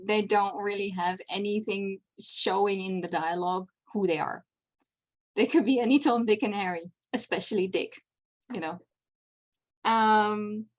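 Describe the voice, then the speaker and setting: A woman, a non-native English speaker, giving a chatty convention panel talk on writing, with many fillers and restarts. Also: medium pitch. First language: not English. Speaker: panel presenter.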